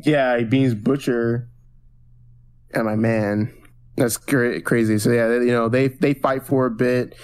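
A man's voice: medium pitch, steady tone, a little slow, darkish tone, smooth. Rambling man recapping a TV episode. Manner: rambling recaps with many restarts and acted-out quotes. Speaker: podcast co-host. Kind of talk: casual pop-culture podcast chat.

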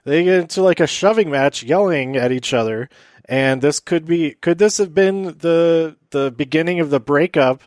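A man's voice: a little high, normal speed, darkish tone, dry recording. Rambling man recapping in a dry room. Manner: rambling, many fillers, laughs at own jokes. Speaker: podcast host recapping wrestling. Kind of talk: casual solo recap.

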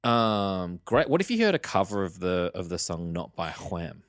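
Low-voiced, rambling man in casual chat. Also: sing-song, moderate pace, dry recording, clean studio sound. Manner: rambling, lots of fillers and swearing. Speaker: podcast co-host.

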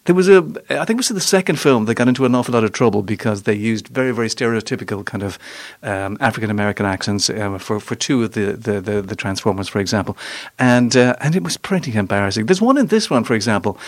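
Male film reviewer, rambling radio chat, dry studio sound, mid-pitched voice. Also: lively intonation, fast talker, no echo. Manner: chatty, rambling, keeps asking "you know what I mean".

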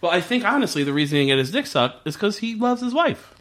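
A man's voice: sits high, sing-song, quick pace, a bit bright. Rambling, profane man chatting casually. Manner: rambling, profane, heavy use of "like". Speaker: podcast co-host. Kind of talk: casual chat reviewing a TV show.

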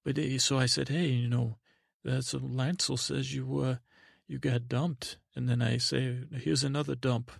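Male host, gravelly and husky, monotone bedtime rambler, dry close mic. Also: mid-range voice, no room sound. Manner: meandering, halting, full of restarts and asides. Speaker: podcast host. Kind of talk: rambling sleepy storytelling.

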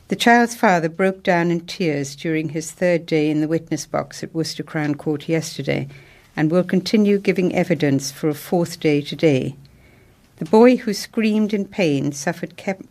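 A woman reading news headlines and a court report in a steady, formal way. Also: fairly low pitch. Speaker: news reader.

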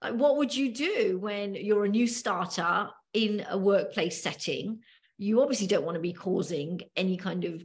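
A middle-aged woman with a British accent, co-hosting a podcast and telling a story slowly with many pauses and fillers. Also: mid-range voice. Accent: British English. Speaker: podcast co-host. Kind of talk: casual podcast discussion.

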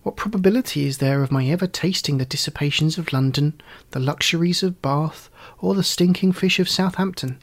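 A man's voice: a little high, brisk, hardly any pauses. A man voicing a romantic, self-admiring young woman in a storybook reading, speaking in an earnest, exclamatory way.

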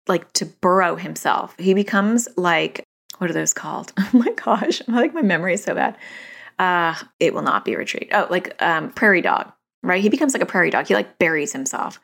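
A woman's voice: lowish voice, creaky, a bit bright. A woman in her thirties talking casually into a microphone as a podcast host, chatty and self-deprecating. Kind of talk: casual solo talk. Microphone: studio microphone.

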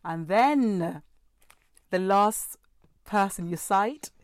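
A woman interviewing a poet, asking measured, analytical questions about his work. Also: mid-range voice, expressive, dry recording, studio quality. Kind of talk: literary interview.

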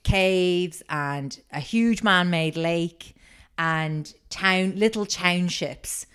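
A woman's voice: fairly low pitch, extremely slow, fairly bright tone, clear, resonant tone. A woman co-hosting a podcast, telling a story in a rambling casual way with many fillers. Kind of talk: casual chat.

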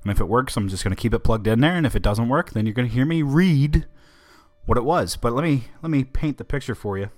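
A man's voice: mid-range voice, animated, fast talker, darkish tone. A man hosting a political podcast, giving opinionated, emphatic commentary in a conversational way. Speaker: podcast host.

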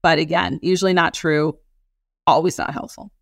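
A woman's voice: sits low, steady tone, normal speed, vocal fry, fairly bright tone, no room sound, clean studio sound. A middle-aged woman co-hosting a podcast in casual chat, emphatic and encouraging, with frequent affirmations. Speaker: podcast co-host.

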